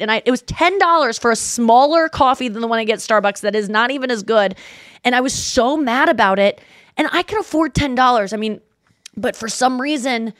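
Woman in her 30s, podcast co-host, rambling storyteller, slightly high voice, dry close sound. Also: no room sound. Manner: rambling storyteller, acts out quotes. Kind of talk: casual chat.

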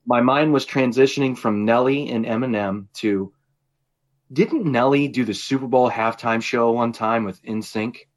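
A man's voice: medium pitch, steady tone, normal speed. A man co-hosting a podcast in casual chat, telling a story animatedly with frequent swearing and laughter. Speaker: podcast co-host.

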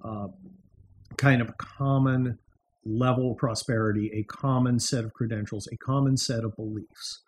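A middle-aged man talks through his podcast from a room at home, wry and sarcastic, slipping into mocking asides. His voice sits at an ordinary pitch, and a faint hiss of room noise runs underneath. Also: fairly even intonation, normal speed, darkish tone. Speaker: podcast host. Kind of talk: casual political monologue.

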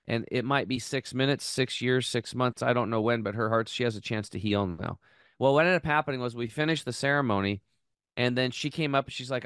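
Earnest man with a smooth voice. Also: medium pitch, brisk, no room sound, studio quality. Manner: earnest, animated retelling with many restarts. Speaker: podcast host. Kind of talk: emotional storytelling.

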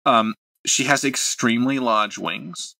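Here a man chats casually as co-host of a game lore podcast, stumbling through fillers and restarts. He speaks at a measured pace in a medium pitch, gravelly yet pushed and bright, and the recording has no echo.

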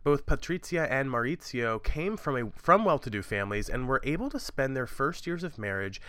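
A man in his thirties co-hosts a true-crime podcast, rambling cheerfully through his story with plenty of fillers and asides. His voice is bright and crisp, and it sits close on a dry mic with no room sound. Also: medium pitch, animated, moderate pace, dry recording. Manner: chatty, rambling with fillers and laughs. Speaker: podcast co-host. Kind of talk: casual true-crime chat.

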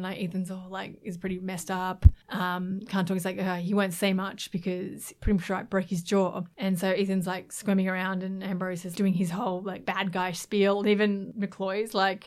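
A woman casually recapping a film plot as a podcast co-host, talking in an animated way full of laughs and fillers. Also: medium pitch, moderate pace, hardly any pauses, clean tone. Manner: animated retelling with frequent laughs and "like". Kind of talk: casual movie recap chat.

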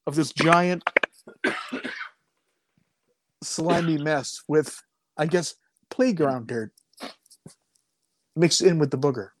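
A man co-hosting a podcast, telling a story in a casual, animated way, cursing freely and acting out what people said. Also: on the high side, slow pace, pauses often, slight background noise. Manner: animated, profane, acts out voices in his story. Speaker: podcast co-host.

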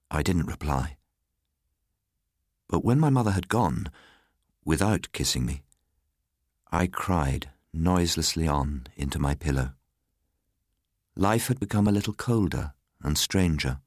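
A man reads a ghost story in a very deep voice that stays lively and expressive. His telling is measured and melancholy. The sound is close and dry. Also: dry recording. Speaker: narrator. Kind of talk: scripted ghost story reading.

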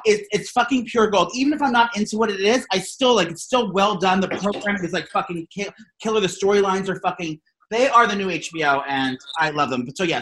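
A man's voice: sits high, a bit bright, low-quality recording. A man co-hosting a podcast in casual chat, gushing, profane and rambling. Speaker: podcast co-host.

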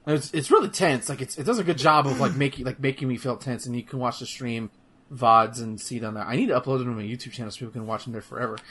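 A man streaming games, chatting casually in an animated, profane, rambling way with many restarts. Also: mid-range voice, fast talker, breathy edge. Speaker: streamer discussing a game. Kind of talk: casual chat.

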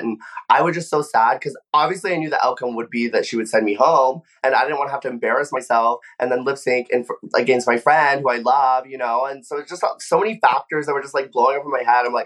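A man's voice: mid-range voice, fast, few pauses, fairly bright tone. A young man, a former reality competition contestant, chatting casually in an interview, full of "like" fillers and acted-out quotes. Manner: chatty, frequent "like" fillers, acts out quoted voices.

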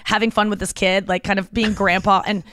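A woman's voice: mid-range voice, level tone, brisk, fairly bright tone, dry recording. A woman comedian co-hosting a podcast, telling rambling stories in casual chat with lots of "like" and restarts. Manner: chatty, filler-heavy, frequent "like" and restarts.

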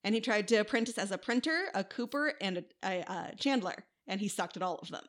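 This co-host, a woman from the American Midwest, talks fast and expressively in a medium-pitched, somewhat bright voice. It's casual history podcast chat, full of wry asides.

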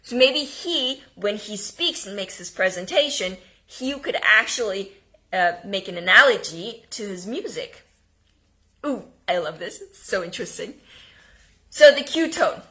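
Bright, slow-speaking woman coach. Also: mid-range voice, lively intonation. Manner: demonstrates tones, shifting from loud to hushed; laughs at herself, informal. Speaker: communication coach. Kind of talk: live online workshop talk.

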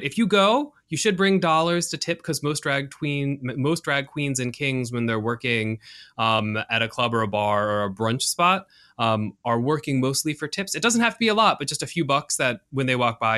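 With a mid-range voice and a sharp tone, a man co-hosts a podcast. His casual chat is enthusiastic and full of fillers and restarts.

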